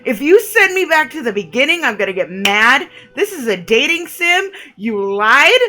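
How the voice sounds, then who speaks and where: A woman's voice: sits high, sing-song, normal speed, sharp tone, soft background music. A young woman streaming a dating game, reading its narration aloud and ranting and swearing at it in casual commentary. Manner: reads game narration aloud, then rants and swears in frustration. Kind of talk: live gameplay commentary.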